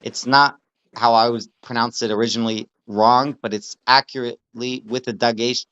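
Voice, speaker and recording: A man teaching a study session, reading text aloud slowly and repeating words to explain pronunciation. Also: medium pitch, fairly even intonation, a bit bright, clean tone, muffled recording.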